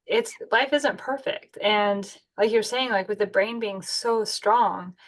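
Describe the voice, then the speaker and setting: A woman's voice: medium pitch, fairly even intonation, takes it slowly. A woman co-hosting a podcast interview, affirming the guest and talking thoughtfully. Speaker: podcast co-host.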